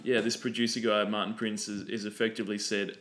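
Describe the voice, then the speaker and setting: A man's voice: on the low side, flat delivery, fast talker, fairly bright tone, reverberant. A man co-hosting a podcast in casual chat, sarcastic and sweary, rambling with fillers. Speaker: podcast co-host.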